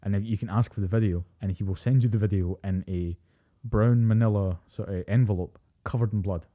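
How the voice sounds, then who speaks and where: A young man co-hosting a podcast, telling an animated story in casual chat, swearing freely and acting out quotes. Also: on the low side, brisk, lo-fi sound. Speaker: podcast co-host.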